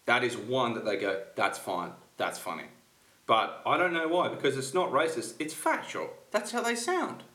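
A man's voice: mid-range voice, big pitch swings, sharp tone. A man co-hosting a radio comedy show, teasing and joking in casual banter. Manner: teasing, joking, fast talker. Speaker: radio co-host. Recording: echoey room.

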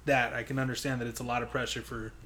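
A man's voice: mid-range voice, little pitch movement, fast, pushed and bright, a little hiss or hum. A man with a Southern California surfer accent from the South Bay, rambling in casual, laid-back chat and swearing freely. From Los Angeles South Bay.

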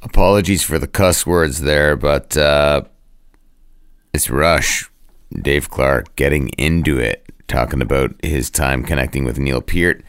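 A man hosting a podcast, giving a relaxed scripted outro. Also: a bass voice, clean tone, no echo. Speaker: podcast host. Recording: dry, close studio sound.

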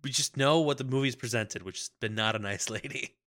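A man co-hosting a podcast, recapping a film in casual chat and acting out characters in quick impressions. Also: medium pitch, fairly bright tone.

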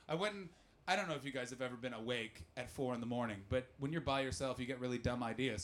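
A young Canadian man with a mid-range, slightly bright voice performs stand-up comedy. His stories ramble, get profane and poke fun at himself, and he keeps throwing questions at the crowd.

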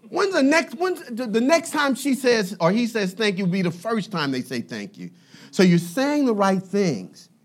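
A male pastor preaching a sermon in an animated, conversational way with playful asides. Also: high voice, moderate pace.

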